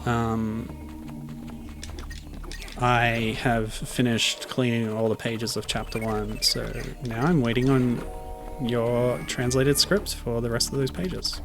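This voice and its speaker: This man's mid-range voice moves at a slow pace with fairly even intonation. He's streaming a video game to game music, chatting loosely and rambling as he plays.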